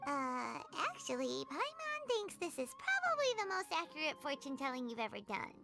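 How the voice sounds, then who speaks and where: Chirpy tiny fairy girl, cheeky, very high and bouncy, game dub. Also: huge pitch swings, moderate pace, over loud music, full character voice. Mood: teasing.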